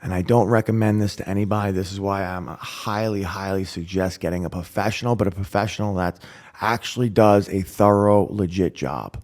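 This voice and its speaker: A man guest on a podcast, telling his recovery story with animated storytelling, acting out voices and dropping to a whisper at grim moments. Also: low voice, fairly quick. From New York. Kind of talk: emotional storytelling.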